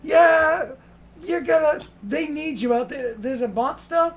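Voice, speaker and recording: A man voicing a blustery innkeeper woman in a tabletop game, high and loud. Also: takes it slowly. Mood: urgent. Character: flustered innkeeper woman, blustery then sheepish.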